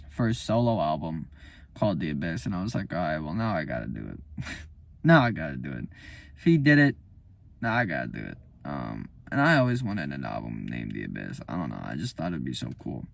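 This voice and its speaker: A man's voice: medium pitch, vocal fry. A man, a musician, talking about his album in a casual, profane, heated rant. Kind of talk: casual unscripted monologue.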